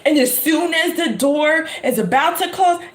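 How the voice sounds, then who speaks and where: A tarot reader tells an animated, dramatic story and stretches out her exclamations. Her voice sits a little high. The room carries a noticeable echo. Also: normal speed.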